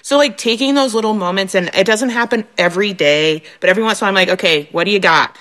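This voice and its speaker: A woman on a talk show, a mother sharing stories about her children in a chatty, animated way. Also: medium pitch, rapid-fire, rough recording. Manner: animated, acts out her kids' voices. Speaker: guest mother. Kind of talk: casual chat.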